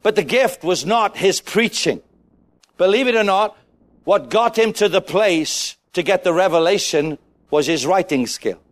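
A man preaching a sermon to a congregation, animated and asking them questions. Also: high-pitched, a little slow. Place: church with a congregation.

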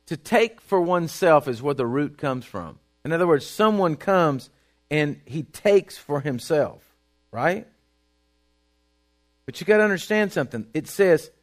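A man preaching a sermon in an emphatic, folksy way, repeating his points and reading Bible verses aloud. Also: high voice.

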